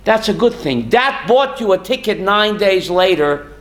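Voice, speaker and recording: High-voiced rabbi teaching a class. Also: male voice, expressive, a little slow. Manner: questions the class and answers himself, with Hebrew and Yiddish terms. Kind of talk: Torah class.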